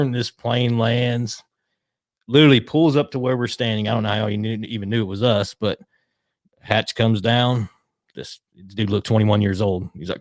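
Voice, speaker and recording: A man telling a lively story in casual talk, acting out what people said and swearing casually. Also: on the low side, normal speed, dry recording, clean studio sound. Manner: animated, acts out quotes, swears casually. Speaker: retired pit crew member, guest.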